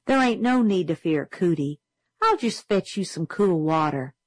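A woman voicing a gallant, earnest young boy in a storybook reading, raised high and eager. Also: expressive, moderate pace, no room sound. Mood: soothing.

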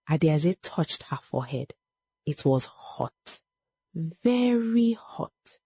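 A woman narrating a scripted story in a measured, emotive storytelling manner. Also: low-pitched, animated, dark tone, slightly rough, no echo.

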